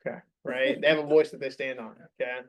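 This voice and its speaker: Brief: young male team lead, coaching tone, mid pitch, asks the room questions. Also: little pitch movement, quick pace. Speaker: sales meeting leader. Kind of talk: leading a staff meeting.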